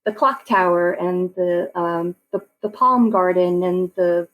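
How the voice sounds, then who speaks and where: A woman's voice: lowish voice, a little slow, lo-fi sound. A woman in her forties from Long Island, chatting as a podcast guest with easy laughs and many fillers. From Long Island, New York. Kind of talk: casual interview chat.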